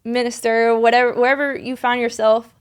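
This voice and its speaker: In a podcast studio, a young woman speaks fairly quickly in a slightly high, clean voice with a level tone. She earnestly relates a faith story as a guest, rambling with lots of restarts and fillers.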